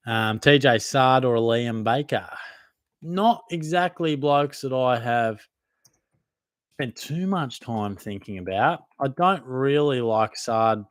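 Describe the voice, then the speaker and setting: A man's voice: medium pitch, animated, slow, no room sound, clean studio sound. A young man with an Australian accent hosting a live Q&A, reading out viewer comments and answering in a casual, matey way, often laughing at himself. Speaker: fantasy football podcast host.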